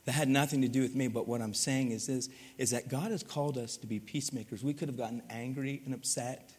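A man preaching, telling a lively story and acting out the voices, then going quiet to drive the point home. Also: medium pitch, fast, slightly rough, in a large hall. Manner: animated, acts out voices, drops to quiet for the point. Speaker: pastor. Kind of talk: sermon storytelling.

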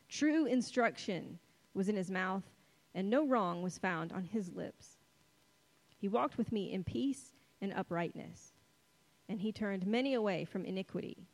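A woman preaching a sermon in a conversational, playful way, slowing for dramatic pauses on key words. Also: mid-range voice, darkish tone, rough recording.

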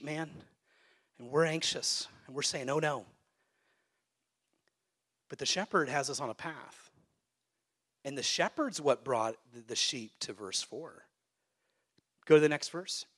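Male pastor, sermon delivery, slightly high voice, hushed lines rising to loud emphatic peaks, church sanctuary.

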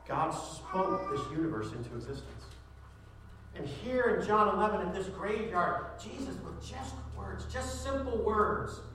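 A male pastor preaching a sermon with fervor, often raising his voice at the high points. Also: fairly bright tone, a little hiss or hum. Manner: fervent, rising to raised voice at climaxes. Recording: echoey room heard from a distance.

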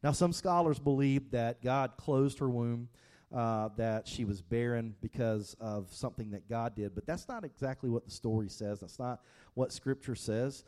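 A man's voice: mid-range voice, moderate pace, darkish tone. A male pastor giving a casual, conversational sermon, speaking straight to his congregation. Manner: conversational, with frequent fillers and restarts, addresses congregation directly.

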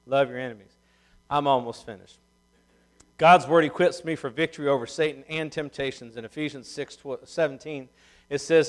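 A man's voice: medium pitch, moderate pace. A middle-aged man preaching a sermon, mixing scripture with a folksy personal story. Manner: folksy, drops from loud scripture reading to quiet storytelling.

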